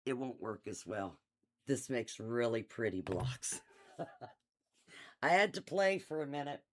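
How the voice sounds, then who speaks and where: A middle-aged woman hosts a live sale from her quilt shop in a relaxed, unhurried way. She chats warmly to viewers, laughs easily and reads out item numbers as she shows off the fabric. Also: extremely low pitch, slight background noise. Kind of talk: casual live-stream sales chat.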